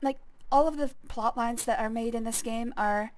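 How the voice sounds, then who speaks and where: A woman streamer with a gravelly, phlegmy voice, chatting casually and explaining as she plays a game. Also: a little high, moderate pace. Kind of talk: casual let's-play commentary. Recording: clear steady background noise.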